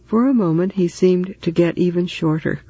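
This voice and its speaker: A man reading a story aloud in steady, even narration. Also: high-pitched, normal speed, breathy edge, dry recording, muffled recording. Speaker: audiobook narrator. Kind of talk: scripted narration.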